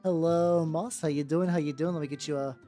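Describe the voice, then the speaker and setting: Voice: medium pitch, fairly even intonation, brisk, mellow. Rambling, cussing live streamer. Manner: rambling, swears casually, keeps greeting chat by name. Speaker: live-streaming miniature painter. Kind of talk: casual live-stream chat. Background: faint background music.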